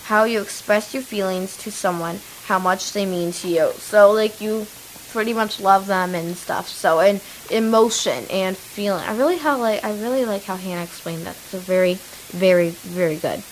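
A woman's voice: mid-range voice, moderate pace, a little hiss or hum, poor audio. Chatty young woman co-host. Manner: chatty, rambling, many fillers. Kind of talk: casual chat.

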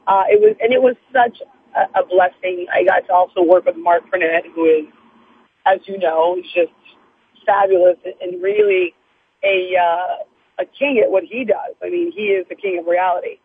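A woman guest with a raspy morning voice, talking in a chatty, effusive way during a phone interview. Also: on the low side, lively intonation, normal speed, a little hiss or hum. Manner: chatty, effusive, laughs often. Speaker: guest, TV news reporter. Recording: tinny phone line, dry.

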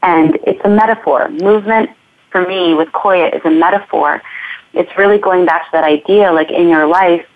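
A woman's voice: fairly low pitch, fairly even intonation, moderate pace. A woman movement teacher speaking as an interview guest, earnest and flowing, often repeating her phrases. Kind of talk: reflective conversational interview. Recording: tinny phone-like line.

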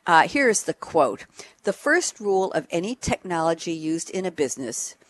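A woman's voice: fairly low pitch, very animated, normal speed. A woman hosting a radio talk show, introducing panel guests with an enthusiastic, emphatic manner and frequent laughs.

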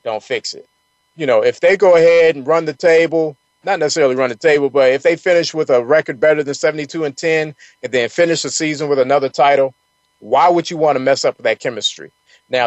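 A man's voice: mid-range voice, no room sound. Dry-voiced male sports radio host. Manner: conversational, opinionated, frequent fillers. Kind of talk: casual sports commentary.

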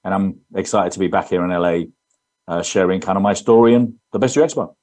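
Man, 50s, English accent, interview guest, earnest, rambling, lowish voice. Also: fast, darkish tone. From England. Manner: earnest, rambling, restarts often. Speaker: guest entrepreneur. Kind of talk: interview answers.

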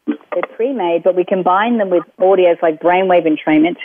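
A woman's voice: lowish voice, moderate pace, heavy background noise. A woman guest talking about her programs, rambling with many fillers and restarts. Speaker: guest, self-help program creator. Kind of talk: conversational interview over a phone line. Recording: tinny phone line, dry.

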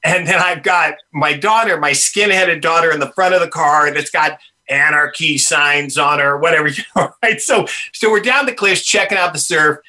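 A man's voice: on the high side, normal speed. An older man telling a funny personal story in a casual chat, laughing often and acting out what people said. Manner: animated, laughs often, acts out dialogue. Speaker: podcast guest, punk musician.

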